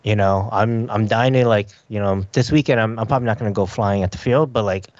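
Man, podcast host, rambling casual chat, slightly low voice, dull muffled dry call audio. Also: brisk, a little mellow, dry recording. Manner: rambling, filler-heavy.

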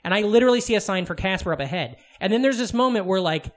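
A man's voice: high voice, animated, quick pace. A man co-hosting a podcast, telling a long, rambling story in casual chat, swearing freely and restarting his sentences. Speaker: podcast co-host.

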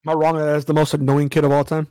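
Co-host, man, higher-pitched, rapid chatty delivery, dry close mic. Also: monotone, mellow, no echo. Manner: quick, chatty interjections. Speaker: podcast co-host. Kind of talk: casual chat.

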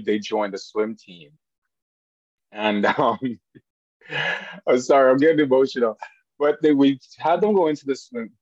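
A man who is a podcast guest, telling family stories in an animated way and jumping high in pitch when he quotes people. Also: dry recording, muffled recording. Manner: animated storyteller, voice jumps high for quoted lines. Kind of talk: storytelling in a podcast interview.

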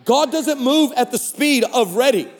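Pastor guy preaching on stage, high voice, big echoey hall, gets loud telling stories. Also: unhurried. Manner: storytelling, animated, rising to shouts. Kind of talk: sermon. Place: conference stage in a large hall.

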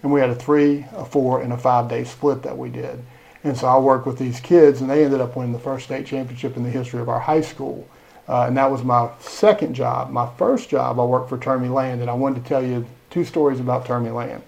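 A middle-aged man, a school superintendent telling lively stories in a podcast interview. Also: mid-range voice, brisk, gravelly, low-quality recording. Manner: animated storyteller, acts out quoted dialogue.

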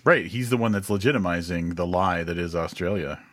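Male podcast co-host, low voice, relaxed and jokey, swears freely. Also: a little fast. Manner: relaxed, joking, heavy casual swearing. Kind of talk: casual chat.

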